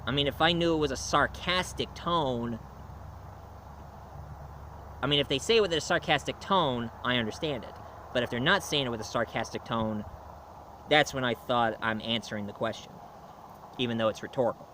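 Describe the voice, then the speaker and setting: A man's voice: mid-range voice, normal speed, long pauses, sharp tone, a little hiss or hum. A man giving a casual film and comic review, rambling along with many fillers and restarts.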